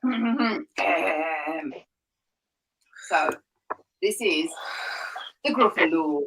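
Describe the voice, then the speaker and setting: A woman's voice: low voice, animated, very slow, fairly bright tone, slightly rough, rough recording. A woman on a livestream, joking with friends and reading a picture book aloud in a playful manner. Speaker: livestream participant. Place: home, livestream.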